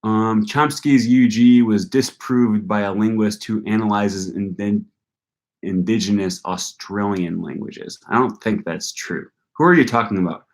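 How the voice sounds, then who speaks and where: A young man answers viewer questions on a live stream in a relaxed, rambling way. His voice sits a little low, and he pauses often with ums while he thinks. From North Carolina. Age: young adult. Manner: casual, thinking aloud with frequent ums.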